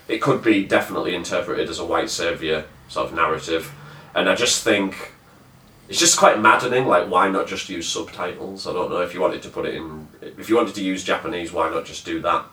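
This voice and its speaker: Deep, bright-toned man reviewing a film. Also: fairly even intonation, brisk. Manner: rambling, hesitant with many fillers. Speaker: podcast host reviewing a film. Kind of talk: casual film review chat. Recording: echoey room, far from the mic.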